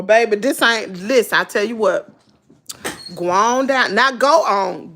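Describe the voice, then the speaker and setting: A woman with a Southern US accent chats casually with her livestream's chat, folksy and preachy, repeating herself for emphasis. Her mid-range voice is creaky with a sharp tone.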